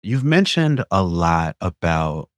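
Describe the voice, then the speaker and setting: A man co-hosting a podcast, asking thoughtful questions in a measured way. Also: deep voice, sing-song, dry recording, studio quality. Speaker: podcast co-host. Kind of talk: casual interview questions.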